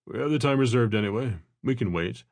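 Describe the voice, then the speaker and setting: A man's voice: mid-range voice, animated, brisk, vocal fry, a little mellow, dry recording. A male narrator voicing an older therapist who stays unperturbed and good-humored. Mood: calm. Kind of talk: audiobook character voice.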